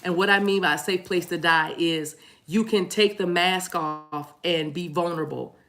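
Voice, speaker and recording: Woman tarot reader with a lowish voice, casual live-stream host, laughs easily and rambles, chatty. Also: fairly even intonation, moderate pace. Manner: chatty, laughs often, warm "y'all" asides; rambling with restarts and apologies.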